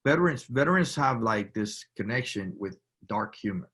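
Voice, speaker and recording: A man from Cuba, a veteran guest, talking in a halting, casual way full of restarts and "you know". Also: fairly low pitch, animated, a bit bright, breathy edge. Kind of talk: casual conversation.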